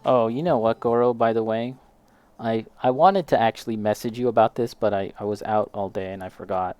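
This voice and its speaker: A man's voice: fairly low pitch, brisk, a little mellow, clean tone. A man chatting casually while building a model kit, talking straight to a friend and laughing often.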